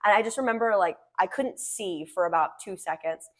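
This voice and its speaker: A teenage girl from Washington State, a pageant titleholder, telling stories in a chatty, animated way with lots of "like". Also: mid-range voice, brisk. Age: teens. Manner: chatty, animated storytelling, frequent "like". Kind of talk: casual interview chat.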